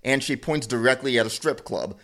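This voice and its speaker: A man's voice: mid-range voice, fairly quick, fairly bright tone. A man co-hosting a podcast, rambling through a story with restarts and frequent laughter. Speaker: podcast co-host. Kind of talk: casual chat, storytelling.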